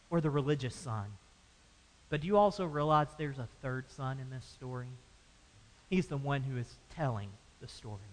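A man's voice: fairly high pitch, a bit bright. A man preaching a sermon emphatically, with rhetorical questions to the congregation. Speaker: pastor. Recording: long hall reverb.

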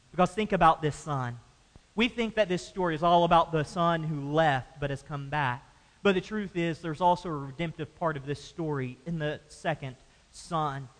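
A man's voice: sits high, sharp tone. A man preaching a sermon emphatically, with rhetorical questions to the congregation. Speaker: pastor. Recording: long hall reverb.

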